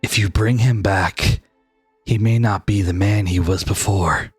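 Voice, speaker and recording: A man voicing a sinister male god of sin who gives slow, low, conspiratorial warnings in a tabletop game. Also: steady tone, slightly rough, no room sound, soft background music. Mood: ominous warning.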